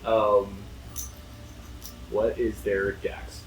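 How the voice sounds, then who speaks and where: A man's voice: fairly low pitch, flat delivery, extremely slow. A man running a tabletop game as game master, talking casually, swearing and laughing often. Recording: roomy echo, distant mic, faint noise.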